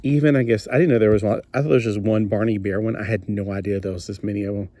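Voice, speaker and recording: A man talks through a vintage comic book in a relaxed, rambling way. He is eager and fond of his subject, with plenty of fillers. His voice sits a bit low. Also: very fast, no room sound. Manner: chatty and enthusiastic, many fillers. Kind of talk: casual video review.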